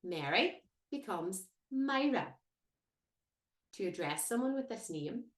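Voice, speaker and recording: A woman teaching a language lesson, modelling each word slowly and carefully. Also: medium pitch, big pitch swings. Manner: careful, lilting, drawn-out modelling of words. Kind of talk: slow instructional lesson with repetition. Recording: echoey room.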